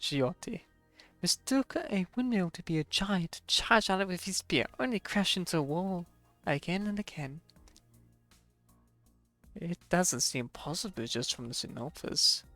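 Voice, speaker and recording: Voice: medium pitch, expressive, unhurried, fairly bright tone, no echo, soft background music. Streamer reading a game story aloud. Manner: reads narration aloud, stumbles over words and chats in asides.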